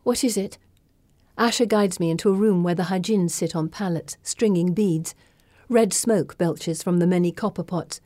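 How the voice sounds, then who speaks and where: Mellow-voiced woman narrating an audiobook. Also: on the low side, normal speed, no room sound. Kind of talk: first-person audiobook narration.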